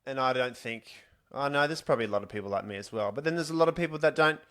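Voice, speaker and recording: A man's voice: mid-range voice, racing, a bit bright, clear, resonant tone. A man co-hosting a podcast in casual chat, hesitant and chuckling as he opens up. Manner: hesitant, chuckling, open about emotions.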